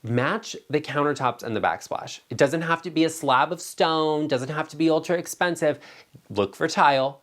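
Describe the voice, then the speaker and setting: Man, interior designer, sassy, emphatic, chatty advice to camera. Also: a little high.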